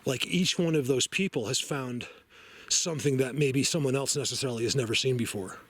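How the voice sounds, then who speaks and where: A man vlogging outdoors in a forest, talking casually to camera in an excitable, rambling way and laughing often. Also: mid-range voice, fairly quick, no echo.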